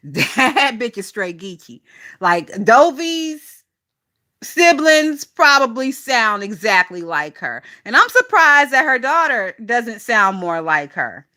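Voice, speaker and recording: Bright-voiced profane gossip host. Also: female voice, a little high, very animated, takes it slowly. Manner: chatty, profane, laughs often, talks to chat. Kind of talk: casual livestream gossip chat.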